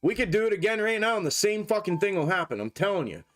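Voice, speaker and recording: Excitable cursing man on a trading livestream. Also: sits high, quick pace, soft background music. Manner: profane, excitable, talks to viewers as "y'all". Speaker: stock market livestream host. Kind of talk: casual livestream commentary. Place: home desk setup.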